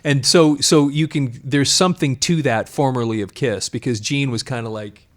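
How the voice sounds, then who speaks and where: A man co-hosting a podcast in casual chat, reading an old article aloud and stopping to comment in animated asides. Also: mid-range voice, normal speed. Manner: reads quotes then breaks off to comment, animated asides. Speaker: podcast co-host.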